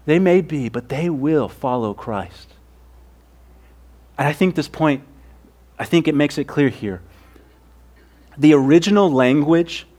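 A man preaching a sermon, earnest, moving between fervent prayerful passages and hushed, soft teaching. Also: fairly high pitch. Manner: earnest, swings from loud fervor to hushed softness. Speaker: pastor.

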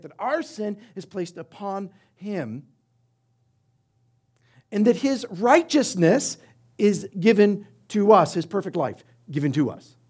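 A middle-aged male pastor with a high, slightly rough voice preaches emphatically. He uses rhetorical questions and swings between loud and soft delivery.

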